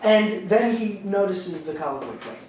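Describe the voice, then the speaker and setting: Man, rambling game master narration, high-pitched, distant, roomy, faint hiss. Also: expressive, measured pace, a little mellow. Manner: laid-back, rambling description. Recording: echoey room, mic far off.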